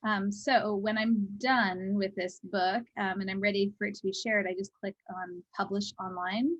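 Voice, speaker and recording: A woman at an average pitch gives a relaxed, chatty walkthrough of a program for teachers. She talks loosely and leaves plenty of fillers in her sentences. She is speaking over a video call. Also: normal speed, dull audio. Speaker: presenter training teachers. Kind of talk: casual software walkthrough.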